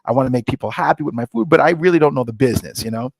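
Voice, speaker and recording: A middle-aged man telling stories in a casual interview, animated and acting out dialogue, often jumping up in pitch. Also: rapid-fire, creaky, slightly rough, dry recording, poor audio. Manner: animated, jumps to high excited pitch when retelling; many fillers and restarts, acts out quoted dialogue. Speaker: guest, scotch brand founder.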